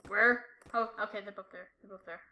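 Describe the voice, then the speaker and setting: A woman's voice: medium pitch, steady tone, brisk, pushed and bright, roomy sound, slight background noise. A woman giving jumpy commentary while playing a horror game, talking to herself and repeating short exclamations. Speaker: gameplay streamer.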